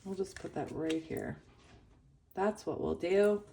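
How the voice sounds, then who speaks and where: A woman giving a pick-a-card tarot reading, emotional and hesitant, shaky and close to tears, with many pauses and ums. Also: medium pitch, mellow, a little hiss or hum. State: shaky and tearful. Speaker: tarot reader.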